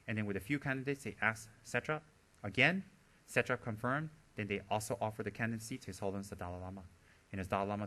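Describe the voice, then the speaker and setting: Man, Buddhist teacher, dharma talk, bright voice, animated storyteller, teasing. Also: on the low side. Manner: animated storytelling, laughs and teases listeners.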